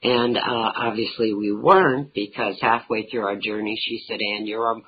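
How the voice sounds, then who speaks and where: A woman's voice: very deep voice, moderate pace, highs cut off, slight background noise. A middle-aged woman, an author being interviewed, telling humorous family anecdotes. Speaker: author and talk show guest. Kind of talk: interview storytelling.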